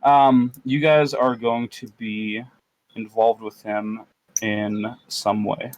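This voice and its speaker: A man's voice: lowish voice, flat delivery, takes it slowly, rough recording. A man co-hosting a podcast as game master, chatting casually, rambling and joking with plenty of fillers. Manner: rambling, jokey, lots of fillers.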